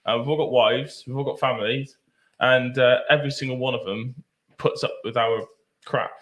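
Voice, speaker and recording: A man's voice: mid-range voice, fairly even intonation, normal speed, fairly bright tone, reverberant. A man co-hosting a live charity podcast, joking and telling stories. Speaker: podcast co-host.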